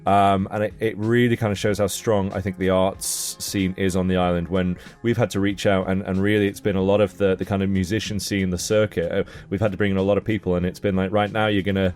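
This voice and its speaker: Very deep-voiced man, earnest. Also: little pitch movement, a little mellow, soft background music. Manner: earnest, full of praise, halting. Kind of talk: casual interview chat.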